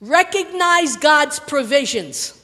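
Older lady preaching a sermon, fired up, repeats stuff, big swoopy pitch. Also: lively intonation, takes it slowly. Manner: impassioned, repeating words for emphasis, swings from loud to hushed. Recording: long reverb of a large hall.

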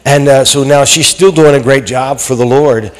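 A man preaching a sermon, telling a story with lively acted-out quotes and some fillers. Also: mid-range voice, moderate pace, in a large hall, poor audio.

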